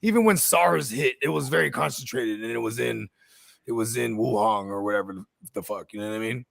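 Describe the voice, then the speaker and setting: A man's voice: medium pitch, a little fast, vocal fry, fairly bright tone, no echo, studio quality. A man co-hosting a podcast, talking in a loose, profane, slangy way. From California. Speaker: podcast co-host. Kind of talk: casual chat.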